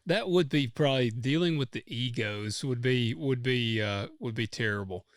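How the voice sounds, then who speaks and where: Male host, casual chat, mid pitch, dry room. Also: normal speed, no echo. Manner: easygoing, laughs along. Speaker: podcast host.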